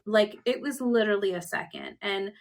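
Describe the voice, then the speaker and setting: A woman's voice: mid-range voice, normal speed. A woman with a Canadian accent co-hosting a podcast, telling a story in casual chat and acting out quotes with laughter. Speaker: podcast co-host.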